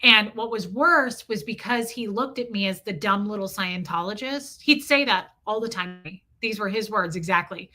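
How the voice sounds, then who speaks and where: Bright-voiced woman streamer. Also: mid-range voice, normal speed, few pauses. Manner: emphatic, greets chat mid-story. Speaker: livestream host. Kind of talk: candid personal livestream chat.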